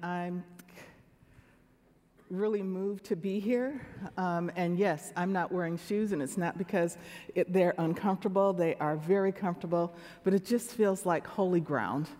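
A woman's voice: fairly low pitch, unhurried, a little mellow. A woman in her sixties preaching a sermon in a church, talking with the congregation in a conversational way. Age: 60s. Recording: long reverb of a large hall.

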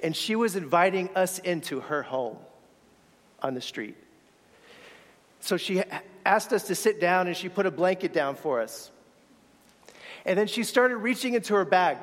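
A man's voice: high voice, in a large hall. A man telling a personal story in a sermon, earnest and reflective, sometimes restarting his words. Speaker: speaker sharing a faith story.

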